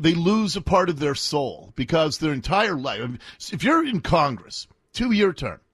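A man hosting a talk radio show, speaking in an earnest, conversational monologue with pauses and fillers, in a radio studio. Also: mid-range voice, fairly bright tone, no echo. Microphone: studio microphone.

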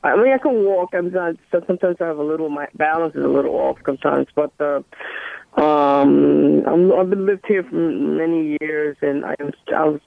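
A man in his sixties with a New York accent calling in to a radio show, speaking in a hesitant, halting way with many restarts. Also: fairly high pitch, gravelly, no echo. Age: 60s. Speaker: caller. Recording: tinny phone line, dry.

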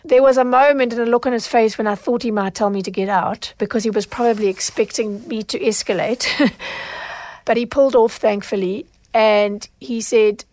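A woman's voice: on the high side, dry recording. Woman, middle-aged, podcast host, solo storytelling, acts out quotes, dry close mic. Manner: animated when retelling, acts out quoted lines. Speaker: podcast host, consumer advocate.

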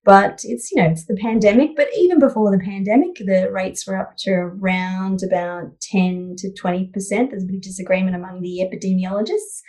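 A woman's voice: mid-range voice, gravelly, warm tone, rough recording. A woman psychologist answering interview questions in a thoughtful, conversational way, with many "you know" fillers. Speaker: psychologist guest.

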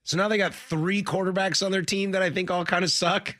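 A man's voice: sits high, steady tone, brisk, very noisy. A young man hosting a sports radio show, chatting casually and jokingly with his co-host. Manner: laid-back, jokey banter. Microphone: studio microphone.

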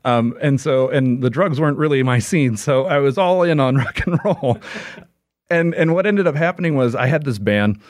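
A man's voice: medium pitch, expressive, normal speed, no echo, clean studio sound. A man as an interview guest, chatting casually in a rambling way, with many restarts and filler words. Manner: rambling, full of "like" and restarts, laughs often.

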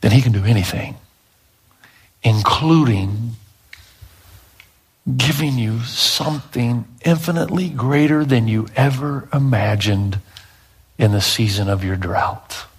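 A middle-aged male pastor preaching a sermon, emphatic and dramatic, swinging between loud bursts and hushed asides. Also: medium pitch, measured pace, pauses often, a little hiss or hum.

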